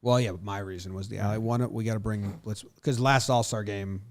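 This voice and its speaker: A man co-hosting a casual baseball chat show, playful and animated as he runs through player stats. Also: fairly low pitch, a little fast, no echo. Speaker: podcast co-host.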